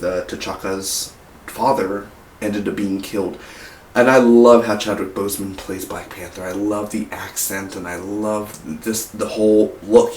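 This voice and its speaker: A lower-voiced man rambles through a casual movie review, stumbling over restarts and fillers. He sounds distant from the mic in an echoing room. A faint hiss sits behind him. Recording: roomy echo, mic far off, faint hiss.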